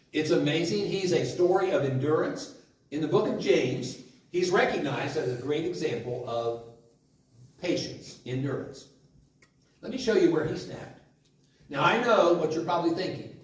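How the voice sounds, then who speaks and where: A man's voice: a little high, a little mellow. A man preaching a sermon in church, talking with the congregation through rhetorical questions. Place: church sanctuary. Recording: very echoey church hall, mic at a distance.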